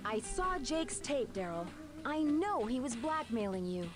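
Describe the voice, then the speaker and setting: A woman's voice: on the high side, very animated, unhurried. An actress playing an earnest teenage girl detective in a mystery game, asking probing questions. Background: game music.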